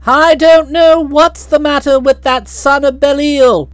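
A woman's voice: sits high, fairly even intonation, measured pace, dry recording. A woman reading an audiobook, voicing a blustering, hearty middle-aged aunt who talks in bluff, slangy outbursts. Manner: bluff, hot-tempered, slangy.

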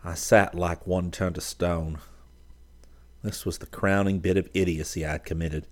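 A man narrating a first-person story in a measured, dramatic reading. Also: low voice, fairly even intonation. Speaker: audiobook narrator.

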